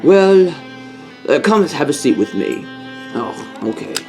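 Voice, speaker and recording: An excitable ape sensei with swords , played by a man, in a homemade toy-animal story, sounding raised in pitch and swinging widely in tone. He talks slowly and gives lessons in a calm, measured manner. Light music sits behind him. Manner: jumpy and boastful, then calm instructing.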